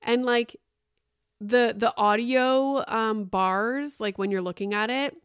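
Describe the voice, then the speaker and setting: A woman's voice: a little high, slow pace, smooth, dry recording, clean studio sound. A woman in her thirties hosting her own podcast, chatting casually and rambling with lots of fillers and the odd swear word. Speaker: podcast host. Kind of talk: casual solo chat.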